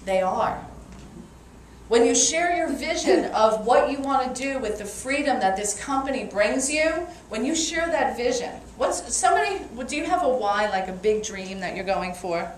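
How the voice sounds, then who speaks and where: A woman with a Brooklyn accent delivers an energetic motivational talk and pulls the audience into call-and-response. Her voice sits a little high. She is picked up from a distance in a very echoey room with a faint noise floor. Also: moderate pace. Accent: New York (Brooklyn). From Brooklyn, New York. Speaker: motivational speaker.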